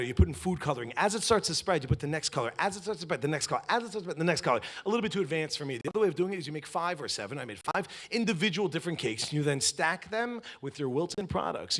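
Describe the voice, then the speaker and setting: A man giving a comic storytelling talk to a live audience at a fundraiser, jokey and animated, at times dropping to a hushed, earnest tone. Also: a little high. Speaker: speaker at a fundraiser.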